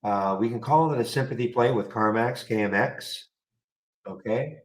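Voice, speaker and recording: A man's voice: mid-range voice, normal speed, rough recording. A man hosting a live trading room, chatting loosely and wryly to viewers as he reads market news. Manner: rambling, wry, talks to chat viewers.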